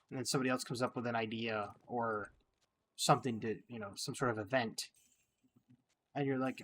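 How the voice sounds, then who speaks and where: A man's voice: medium pitch, moderate pace, slight background noise. A man hosting a gameplay video, musing at length in a reflective, opinionated, rambling way. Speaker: gaming channel host. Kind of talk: casual gameplay commentary with musings.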